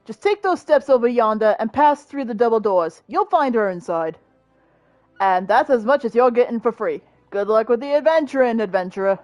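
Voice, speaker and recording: A woman's voice: a little high, lively intonation, normal speed, darkish tone, no echo, highs cut off, close to an everyday voice. A woman voicing a brash young male city tout in a game, with chummy street patter and a wandering accent. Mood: cocky. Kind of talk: voicing game dialogue aloud.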